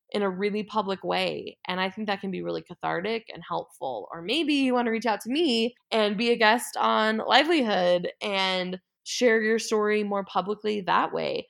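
Earnest woman podcast host, gravelly voice. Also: medium pitch. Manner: earnest, heartfelt, emphatic. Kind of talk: solo motivational podcast talk.

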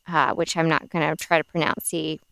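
A woman's voice: low voice, level tone, fairly quick, creaky, a bit bright, clear, resonant tone, no room sound. Tipsy, chatty woman podcast host. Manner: chatty, scattered with fillers. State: a little tipsy from wine. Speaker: podcast co-host presenting drinks news. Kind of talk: casual chat.

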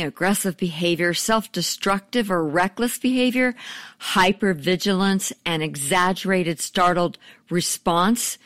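A woman host narrates a guest's story in a measured, explanatory way. She speaks slowly. Her voice sits fairly low. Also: a bit bright. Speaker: podcast host. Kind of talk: scripted narration.

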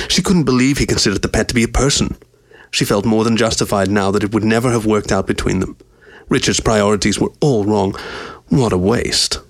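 A man narrating a story in an audiobook reading, steady and measured. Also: on the low side, dry recording. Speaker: reader.

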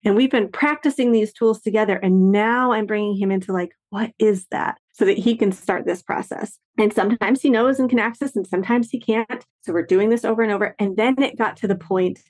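A woman's voice: medium pitch, brisk, few pauses, a little mellow. A woman, a parenting educator and author, explaining ideas earnestly in a conversational interview and acting out example quotes as she goes.

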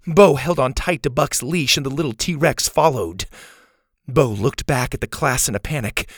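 A man's voice: mid-range voice, expressive, normal speed, no echo, clean studio sound. A man narrating a children's story and thanking listeners as host of the show.

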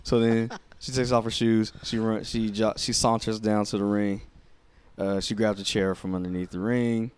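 A man with a low, smooth voice tells a wrestling match as a story on a podcast. He acts out what the wrestlers say and drops in casual swearing. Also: little pitch movement, moderate pace. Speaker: podcast co-host. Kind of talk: casual wrestling recap chat.

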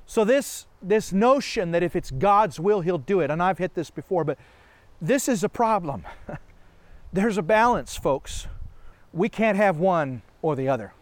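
A man preaching a sermon, animated, asking rhetorical questions and laughing often. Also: high-pitched, measured pace, no echo.

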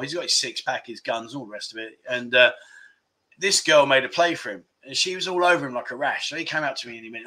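A man's voice: on the high side, pushed and bright. A middle-aged man, hosting a casual livestream, telling jokey stories and reading out viewer comments. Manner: chatty, jokey storyteller, laughs often. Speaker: livestream host.

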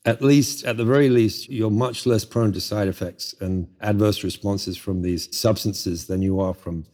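A man's voice: on the low side, fairly even intonation, normal speed, darkish tone. A middle-aged man speaking as a guest in a conversational interview, thoughtful and rambling, full of asides. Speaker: guest, herbal medicine teacher.

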